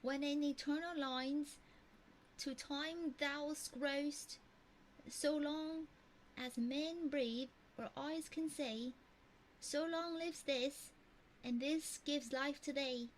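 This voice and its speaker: A woman voicing a theatrical female poetry reciter in a made-up accent, reading slowly and dramatically in a whispered role-play. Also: high-pitched, steady tone, a bit bright, slight background noise, pitched above the performer's own voice, rough recording. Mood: dramatic, lofty. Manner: slow, sing-song dramatic recitation.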